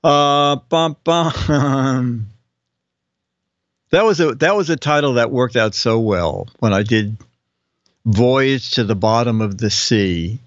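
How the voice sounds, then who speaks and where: A man's voice: medium pitch, expressive, a little slow, pauses often, dry recording, dull audio. An older man hosting a casual live show, reading viewers' joke captions aloud and chuckling between them. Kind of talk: casual comedic live-stream chat.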